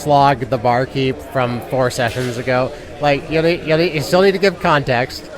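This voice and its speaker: A man on a live panel who gives relaxed, practical advice about running games and swears now and then. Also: medium pitch, normal speed. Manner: relaxed, advisory, mildly profane. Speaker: veteran dungeon master guest. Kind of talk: casual panel chat. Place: outdoor festival stage. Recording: live outdoor recording with crowd. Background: crowd chatter.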